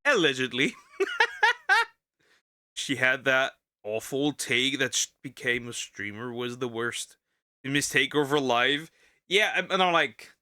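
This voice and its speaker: Reacting to a video as a VTuber host, this man is lively and sarcastic, though he trips over his words and repeats himself a lot. He takes it slowly with long pauses, his voice medium-pitched, and the recording is dry and studio quality.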